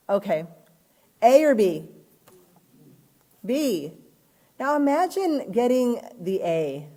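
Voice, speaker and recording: A woman teacher leading an online class, reading workbook scenarios aloud and acting out the quotes with lively delivery. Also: fairly high pitch, takes it slowly, pauses often. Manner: animated, reads aloud and acts out quoted speech. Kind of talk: live online class lesson.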